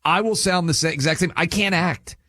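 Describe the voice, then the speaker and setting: A man's voice: high-pitched, a little fast, bright, forceful tone, dry recording. A man from Tennessee co-hosting a radio talk show, emphatic and opinionated, often repeating phrases. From Tennessee, USA. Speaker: radio co-host. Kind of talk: casual radio banter. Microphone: studio microphone.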